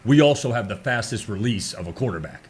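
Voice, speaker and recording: Sports radio co-host, man, lowish voice, confident and steady arguer. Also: fast, husky. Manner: confident, building an argument. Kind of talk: casual sports talk.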